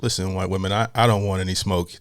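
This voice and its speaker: A man's voice: sits low, flat delivery, fast, over a noisy crowd, very noisy. A man hosting a reaction video, chatting casually and hyping up the clip he is watching. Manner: hyped, chatty. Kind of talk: casual commentary.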